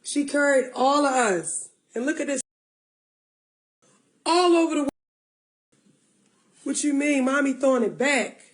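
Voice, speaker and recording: A woman's voice: sits high, moderate pace, few pauses, rough recording. A woman talking on a livestream, close to tears, pleading and repeating herself. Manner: pleading, repetitive. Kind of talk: emotional livestream talk.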